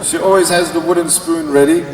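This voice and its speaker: A man's voice: a little high, fairly even intonation, brisk. A man giving a motivational speech, telling his own story in a playful manner and acting out the dialogue. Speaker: motivational speaker. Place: large convention hall. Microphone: far camera in the audience. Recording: echoey hall from far off, faint noise.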